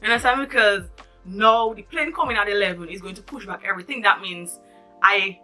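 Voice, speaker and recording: Telling a storytime vlog to camera, a woman with a lilt speaks at medium pitch and a little fast, animated and dramatic. Her bright, forward voice keeps breaking off into asides to viewers, with faint music behind her.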